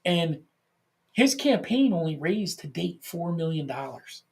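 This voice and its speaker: A man chatting on a podcast with a rough, gravelly edge to his voice. He talks in animated bursts, swears freely and often restarts his sentences. His voice sits a little higher than most men's. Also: measured pace. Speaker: podcast co-host. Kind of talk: casual podcast chat.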